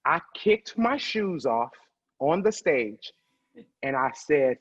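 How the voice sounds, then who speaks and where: Profane, animated woman comedian telling stories. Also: low voice, husky, dull audio. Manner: loud, profane, quick to laugh. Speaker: comedian guest. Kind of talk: animated storytelling.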